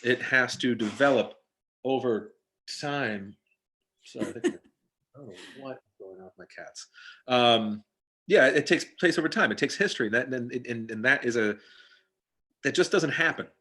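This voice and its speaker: A man's voice: medium pitch, moderate pace, pauses often, slight background noise. Rambling man. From Scranton, Pennsylvania. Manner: rambling, animated, many restarts. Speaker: guest. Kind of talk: casual interview chat. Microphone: video call.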